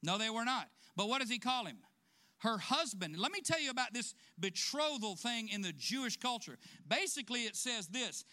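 A man's voice: very high voice, sing-song, normal speed, pushed and bright. A man preaching a sermon to his congregation, asking them questions and laughing now and then between points. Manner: preaching directly to the congregation, rising emphasis, asks questions. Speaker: pastor.

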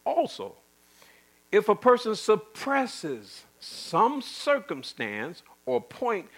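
Man, middle-aged, high-pitched, preacher, sermon, emphatic, repetitive, folksy. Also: wildly swooping pitch, extremely slow, fairly bright tone, poor audio.

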